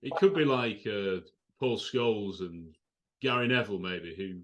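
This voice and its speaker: A man's voice: lowish voice, measured pace, a bit bright, slight background noise. A man hosting an interview podcast, chatting casually and filling in sports details for his guest. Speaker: podcast host.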